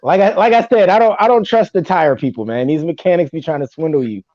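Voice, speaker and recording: Podcast guy ranting about stuff, kinda high voice, muffled dry audio. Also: quick pace. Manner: exasperated ranting. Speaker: podcast co-host. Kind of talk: casual sports podcast banter. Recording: dull muffled dry mic.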